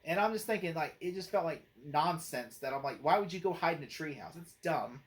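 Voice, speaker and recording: A man hosting his own channel, giving a casual spoken movie review in a rambling way, full of "like" and "you know" and quick to laugh. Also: fairly high pitch, lively intonation. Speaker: movie critic and channel host.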